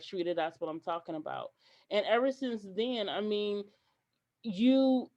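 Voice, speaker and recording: Animated woman telling stories. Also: medium pitch, lo-fi sound. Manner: animated, acts out quoted dialogue. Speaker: guest. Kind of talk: podcast interview storytelling.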